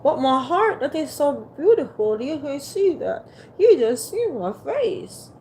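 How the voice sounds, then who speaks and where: A woman's voice: high voice, big pitch swings, a little slow, warm tone, a little hiss or hum. A woman hosting a casual livestream from a phone on a ring light, playfully teasing and coaxing her viewers to type in the chat. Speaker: livestream host.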